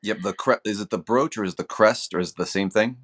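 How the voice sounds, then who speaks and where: A man with a deep, low voice chimes into a casual conversation. His answers are short and agreeable, with occasional hesitant uh's. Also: quick pace, a bit bright. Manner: brief, agreeable replies with hesitations. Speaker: podcast co-host. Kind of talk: casual chat.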